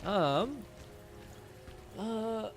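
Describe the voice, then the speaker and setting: A man's voice: high-pitched, expressive, drawn-out words. Chatty, swearing male game streamer. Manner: chatty, swears, laughs, reads chat aloud. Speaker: live streamer. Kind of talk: casual gaming commentary. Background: game music.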